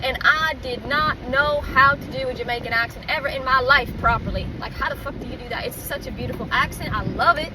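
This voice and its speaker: Woman rambling + cursing outside, high voice, loud street noise all around. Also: fairly quick, few pauses. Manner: rambling, candid, swears freely. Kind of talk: casual spoken monologue. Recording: distant mic with loud traffic noise.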